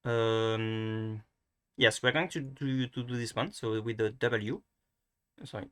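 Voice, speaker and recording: In a casual screen-recorded lesson, a French-accented language tutor, French by birth, teaches pronunciation hesitantly, with lots of restarts and fillers. He speaks slowly with fairly even intonation, in a mid-range voice whose tone is clean and fairly bright.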